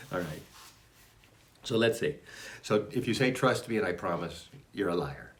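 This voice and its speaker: A man's voice: sits low, lively intonation, moderate pace, long pauses. A man reading aloud from his own spiritual writings and musing on each line in a rambling, self-interrupting way. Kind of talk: casual spoken reading and reflection.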